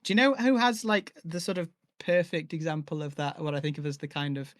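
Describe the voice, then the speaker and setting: Young man from Cheshire, rambling casual chat, slightly high voice, dry close sound. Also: fairly even intonation, fairly quick, dry recording. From Cheshire, England. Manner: rambling, many fillers and restarts. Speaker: audio drama maker. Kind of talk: casual chat on a live stream.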